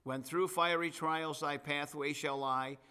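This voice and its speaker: A man's voice: a little high, steady tone, unhurried, sharp tone, clean tone. A middle-aged man preaching a sermon to his congregation, mixing scripture with chatty asides and folksy humor. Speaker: pastor.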